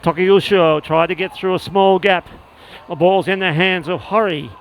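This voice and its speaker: A man calling live play-by-play at a sports match, rapid and excitable when a score comes. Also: high-pitched, a little hiss or hum, poor audio. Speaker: play-by-play commentator. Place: outdoor sports venue.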